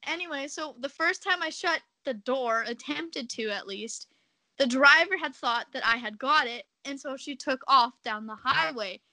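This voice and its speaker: A young woman, a podcast guest, telling a story in casual chat, animated and laughing often, acting out the quotes. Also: sits high, moderate pace, no room sound.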